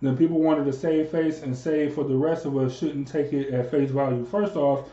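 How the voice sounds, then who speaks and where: A man co-hosting a podcast in casual political banter, animated and incredulous, laughing often. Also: mid-range voice, moderate pace. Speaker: podcast co-host. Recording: roomy, dull lo-fi sound.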